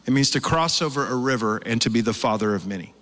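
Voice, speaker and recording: A man's voice: medium pitch, fast. A middle-aged man preaching a sermon as pastor, telling stories animatedly and acting out the quotes. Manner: animated storytelling, acts out quotes. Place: large church hall. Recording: long hall reverb.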